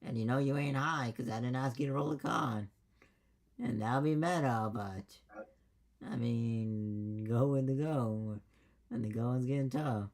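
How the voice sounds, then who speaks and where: A man's voice: medium pitch, unhurried. A man, the dungeon master, rambling emphatically and swearing in a casual chat after a game.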